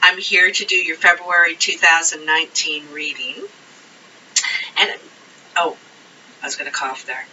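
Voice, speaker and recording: A woman's voice: sits low, little pitch movement, unhurried, pauses often, recorded from a distance, lo-fi sound, background noise. A woman giving a casual tarot reading to camera, chatty and rambling with many fillers. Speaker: tarot reader.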